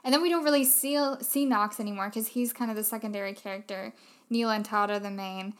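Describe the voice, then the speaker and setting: A woman's voice: medium pitch, fairly even intonation, a little fast. A woman co-hosting a casual conversation, chatty and explaining things at length. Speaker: co-host discussing a film.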